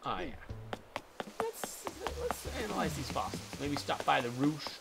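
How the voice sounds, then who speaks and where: A man casually commentating his game on a live stream, with playful, jokey deadpan asides. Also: mid-range voice, a little slow, vocal fry. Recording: game music loud under voice. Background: loud game music.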